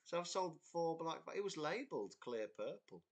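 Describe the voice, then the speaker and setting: A man's voice: on the high side, sing-song, moderate pace. Chatty English man telling a rambling story. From England. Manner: rambling storyteller, laughs often, reads out chat comments. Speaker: band member hosting a livestream chat. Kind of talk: casual livestream chat. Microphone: computer mic on a livestream.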